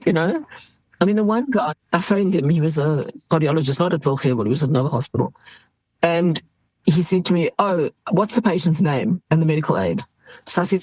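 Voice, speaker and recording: Husky-voiced South African woman doctor. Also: lowish voice, brisk, dry recording, low-quality recording. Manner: animated, laughs while telling stories. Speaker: emergency doctor, guest. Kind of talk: candid interview storytelling.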